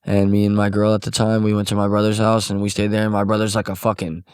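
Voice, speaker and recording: Animated young man from Missouri, storytelling. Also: lowish voice, fast, clear, resonant tone, no echo, studio quality. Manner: animated storyteller acting out quotes, swearing freely. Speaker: guest musician. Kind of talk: casual storytelling interview.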